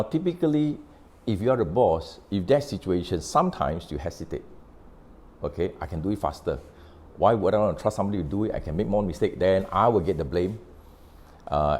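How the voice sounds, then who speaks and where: Low-voiced Malaysian man telling a story. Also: darkish tone. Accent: Malaysian English. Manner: recounts conversations with quoted dialogue, unhurried, explanatory. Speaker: author sharing on his book. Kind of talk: casual storytelling talk.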